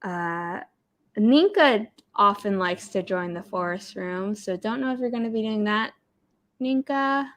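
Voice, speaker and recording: A woman's voice: medium pitch, steady tone, moderate pace, few pauses, sharp tone. A young woman hosting a casual livestream writing session, chatting and answering viewer comments. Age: young adult. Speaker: livestream host, author.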